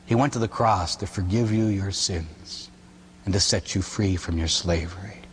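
A Catholic priest from the Pittsburgh area preaches in a large hall. His voice carries a long, echoing reverb over a faint hum. He speaks in an animated storytelling manner, slipping into quoted voices and tossing in quick tag questions. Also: deep voice. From Pittsburgh area, United States. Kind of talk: sermon.

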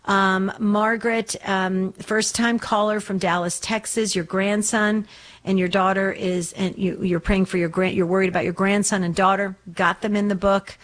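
A woman's voice: medium pitch, little pitch movement, moderate pace. A woman hosting a faith call-in radio show, talking earnestly and rambling with lots of ums and restarts. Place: Arizona studio.

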